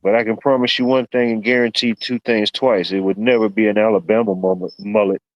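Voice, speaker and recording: A man's voice: fairly low pitch, steady tone, a little fast, dry recording, highs cut off. A man hosting a casual live stream, joking and rambling, peppering his talk with "you know what I mean". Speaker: stream host.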